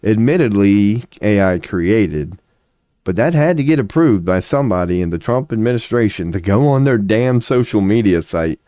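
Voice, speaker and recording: A man's voice: lowish voice, expressive, moderate pace, mellow, no room sound, clean studio sound. A man giving a casual, profane, sarcastic rant, with short laughs between his points. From United States. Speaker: commentary vlogger. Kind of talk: casual ranting commentary.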